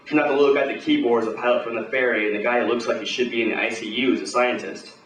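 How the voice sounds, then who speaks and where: A man telling a first-person pulp action tale aloud in a gruff, swaggering, profane, hardboiled way. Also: mid-range voice, steady tone, racing, fairly bright tone, roomy sound, distant mic, slight background noise, poor audio. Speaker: storyteller.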